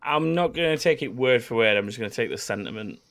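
A man's voice: mid-range voice, expressive, fast talker, creaky, fairly bright tone. A man hosting a casual podcast quiz, swearing and laughing as he reads out the questions. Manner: sweary, laughs often while reading questions. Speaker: quiz host.

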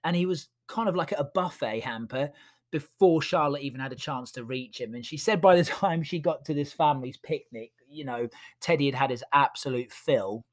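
A man's voice: medium pitch, moderate pace. A man, a podcast host and dog walker, telling funny stories in a chatty, amused way with many fillers. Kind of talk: casual storytelling.

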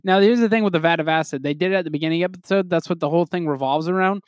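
A man's voice: sits high, racing, no room sound, clean studio sound. A man hosting a podcast, rambling in casual chat, full of "like" fillers and chuckles. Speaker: podcast host.

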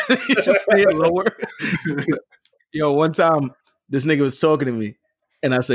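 A man on a casual podcast telling animated stories, acting out quotes and laughing often. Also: a little high, unhurried, long pauses. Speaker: podcast co-host. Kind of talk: casual storytelling banter.

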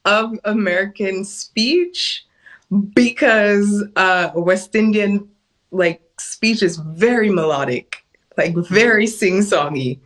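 A woman's voice: medium pitch, expressive, slow. Laughing woman from the West Indies. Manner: laughs often, playful, breaks into mimicry. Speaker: podcast guest. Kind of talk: casual chat.

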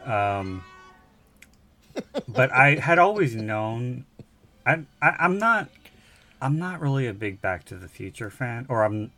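A man's voice: medium pitch, big pitch swings, slow, long pauses, bright, forceful tone. A man co-hosting a film podcast, chatting casually and rambling with fillers and self-corrections. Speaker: podcast co-host.

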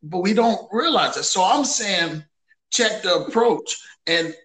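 A man's voice: sits high, expressive, a little slow, fairly bright tone, reverberant, poor audio. A man co-hosting a podcast chat, blunt and frank, repeating his points for emphasis. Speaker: podcast co-host. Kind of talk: candid casual chat.

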